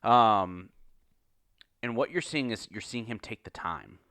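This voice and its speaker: A man's voice: mid-range voice, animated, measured pace, a bit bright, clean tone, no echo, clean studio sound. A man co-hosting a casual podcast, talking earnestly and with enthusiasm, often checking in with "right?". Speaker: podcast co-host. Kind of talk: casual analytical chat.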